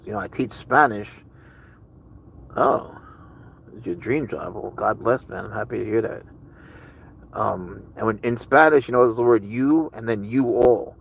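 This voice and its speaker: A man's voice: lowish voice, creaky, husky, poor audio. A man hosting a casual livestream with his cat, rambling chattily and answering viewers' chat messages. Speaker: livestream host with pet cat.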